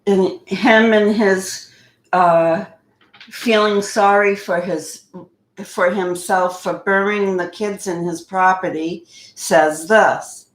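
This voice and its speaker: A woman's voice: mid-range voice, steady tone, slow, roomy sound, poor audio. A woman commenting on a case in a rambling, sarcastic way, reading quotes aloud. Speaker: true crime commentator.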